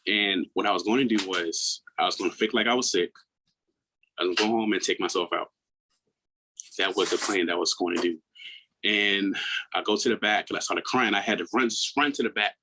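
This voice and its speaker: A man in his thirties, a podcast guest, telling his own story in a candid, earnest way, often restarting his words and acting out what others said in a higher voice. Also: pushed and bright, rough recording. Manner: acts out quoted people in a raised voice.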